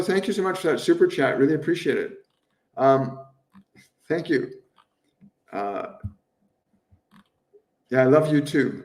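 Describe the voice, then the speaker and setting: A man hosting a live stream as a spiritual medium, answering viewers' questions in a gentle, earnest way and repeating phrases over and over for emphasis. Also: mid-range voice, distant mic. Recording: roomy echo, voice somewhat off-mic.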